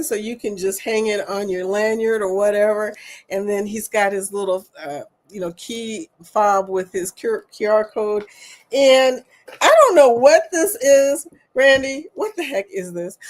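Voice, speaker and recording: A woman hosting a casual live chat, bubbly and laughing often as she talks to her viewers by name. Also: on the high side. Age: older. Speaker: livestream host.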